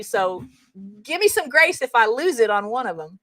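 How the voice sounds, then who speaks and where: A woman with a somewhat high voice hosts a casual show. She reads out funny text messages and breaks in with chatty, amused remarks of her own. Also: big pitch swings, normal speed, fairly bright tone, no echo. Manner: amused, chatty commentary between readings. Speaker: host of a comedy roundup show.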